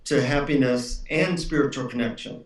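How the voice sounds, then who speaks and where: A man, an author being interviewed, telling relaxed anecdotes with frequent fillers. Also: mid-range voice, moderate pace. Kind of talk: anecdotal storytelling. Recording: roomy room, distant mic.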